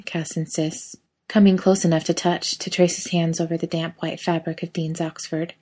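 Brief: woman narrator, low-ish, expressive storybook reading. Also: moderate pace, breathy edge. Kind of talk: reading fiction aloud.

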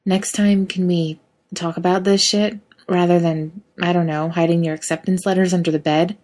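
A woman's voice: fairly low pitch, little pitch movement, normal speed, a little mellow, lightly acted. A woman voicing a hotheaded young man. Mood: pleading. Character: young male athlete, hotheaded and exasperated.

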